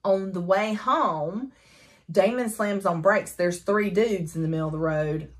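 A woman chatting casually as she recaps a novel for her book review, animated and full of fillers and laughs. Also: mid-range voice, unhurried.

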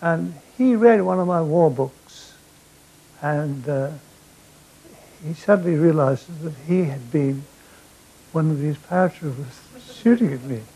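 An older man telling wartime comic anecdotes on stage, with dry deadpan timing and stammered restarts. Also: a little high, a little slow, slightly rough, low-quality recording. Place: theatre stage before a laughing audience.

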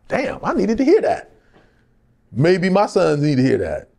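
A man's voice: high-pitched, a little fast, vocal fry. A middle-aged man, an actor in a candid interview, telling stories and acting out other people's lines, laughing often. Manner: animated, acts out quoted voices, laughs often. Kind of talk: candid conversational storytelling.

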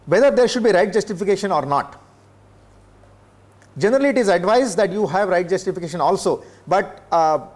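Measured older professor, high voice. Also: male voice. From India. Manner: measured, pausing often with filler sounds. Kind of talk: classroom lecture. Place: lecture room.

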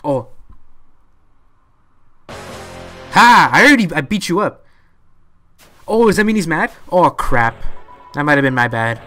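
A man doing live commentary as he plays a video game, excitable and talking to himself. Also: fairly high pitch, slow, long pauses, soft background music. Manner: excitable, talks to himself while playing. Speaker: let's play gamer.

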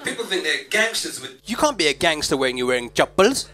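A man's voice: fairly high pitch, sing-song, brisk. A man with a British accent doing stand-up and teasing the audience in a brash, cheeky way on a club stage. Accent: British English. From Britain. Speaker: stand-up comedian. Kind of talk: stand-up comedy, crowd work. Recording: live club with loud crowd.

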